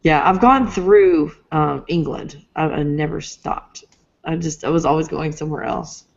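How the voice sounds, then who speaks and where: A woman's voice: low voice, unhurried, vocal fry, a little mellow, dull audio. A woman co-hosting a faith podcast, chatting in a bubbly, encouraging way. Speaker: podcast co-host. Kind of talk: casual chat.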